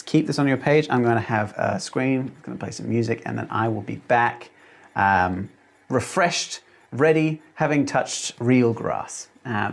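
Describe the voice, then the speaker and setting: This is a man raised in Australia who speaks with an English accent from his British parents. He has a mid-pitched, slightly gravelly voice. He chats casually and rambles to his livestream viewers from a small room at home. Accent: English accent from British parents, living in Australia. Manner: rambling and chatty, with many fillers and restarts. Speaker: livestream host and mapmaker. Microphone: desk mic, no headphones.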